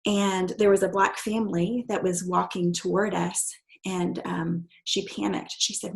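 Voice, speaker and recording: A middle-aged woman, a guest and adoptive mother, telling a personal story softly and sometimes dropping to a hushed near-whisper. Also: lowish voice, steady tone, moderate pace, gravelly, low-quality recording. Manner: soft-spoken, drops to a hushed near-whisper when quoting.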